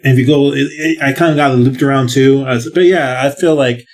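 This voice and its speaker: A man's voice: medium pitch, fairly even intonation, brisk. A man co-hosting a game podcast, rambling and hesitant, with restarts and casual swearing. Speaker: podcast co-host. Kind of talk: casual game review chat.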